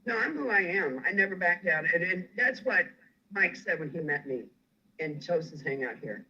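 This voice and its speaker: Furious, husky man ranting on a stream. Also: high-pitched, lively intonation, normal speed, sharp tone, highs cut off. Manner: furious, threatening, swearing. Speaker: guest on a livestream. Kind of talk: angry livestream rant.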